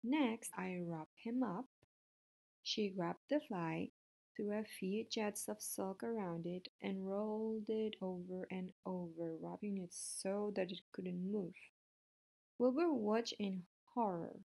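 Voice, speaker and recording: Female storybook narrator, unhurried, steady delivery. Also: mid-range voice, gravelly. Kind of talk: storybook read-aloud.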